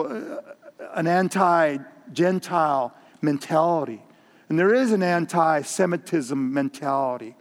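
A man preaching a sermon in a conversational way, repeating words and asking the congregation questions. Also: fairly high pitch. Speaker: pastor. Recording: long reverb in a hall.

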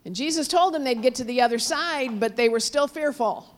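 A woman preaching a sermon, telling a story with sudden swings between raised cries and hushed, low passages. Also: fairly quick. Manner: storytelling, dramatic swings from loud cries to hushed near-whispers; quotes figures in raised voices, drops low and soft on God.

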